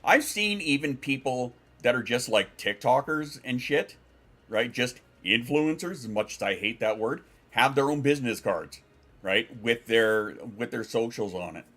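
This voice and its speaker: A man's voice: mid-range voice, animated, a little slow, fairly bright tone. A man streaming from home, chatting casually and rambling, swearing and reading out chat messages.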